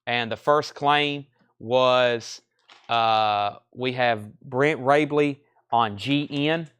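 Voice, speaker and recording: Southern guy hosting a live record sale stream, rattling off prices, smooth clear voice, cracks jokes between lots. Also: medium pitch, fairly bright tone. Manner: brisk list-reading of prices, joking asides. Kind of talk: live-stream auction calling.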